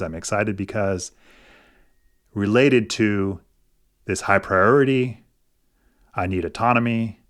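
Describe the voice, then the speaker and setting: Calm middle-aged man coaching on finances. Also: lowish voice. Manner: thoughtful, hesitant restarts, gentle coaching tone. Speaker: personal finance video host. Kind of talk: casual explanatory talk to camera.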